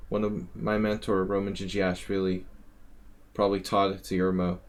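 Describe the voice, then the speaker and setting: A middle-aged man with a low voice talks through a chess game on a live stream. He speaks casually into a desk mic, thinks aloud and corrects himself as he goes. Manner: thinking aloud, quick corrections, chatty asides. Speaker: chess coach analyzing subscriber games.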